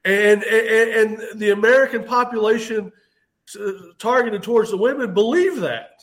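A man's voice: high voice, moderate pace, a bit bright. A man who teaches self-defense, talking animatedly on a call-in show and often restarting his sentences. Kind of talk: call-in talk.

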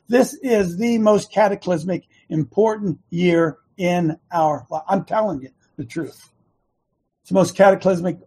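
His voice sits high with a slight roughness as this talk show host, wearing earbuds, speaks earnestly and casually. The monologue gradually escalates into fervent shouting.

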